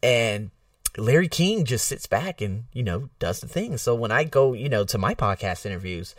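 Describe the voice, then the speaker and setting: Brief: American podcast host, rambling and filler-heavy, lively swooping delivery, dry sound a little off-mic. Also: male voice, mid-range voice, normal speed, no echo, distant mic. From United States. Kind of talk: casual rambling monologue.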